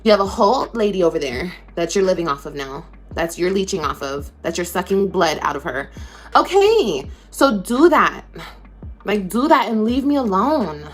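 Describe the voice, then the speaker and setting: A woman's voice: mid-range voice, big pitch swings, normal speed. A woman social media creator ranting to camera, confrontational, sarcastic and profane.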